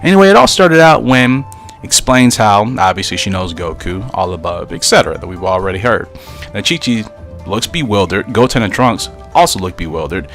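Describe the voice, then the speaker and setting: A man's voice: lowish voice, expressive, moderate pace, a bit bright, faint music behind. A man casually narrating a fan story aloud, correcting himself as he goes.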